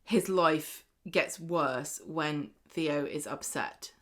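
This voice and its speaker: A woman co-hosts a casual chat podcast, retelling events with animated quoted voices. Her voice sits a little low for a woman. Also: very slow. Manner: lively storyteller who acts out quotes. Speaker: podcast co-host. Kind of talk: casual chat recapping a soap.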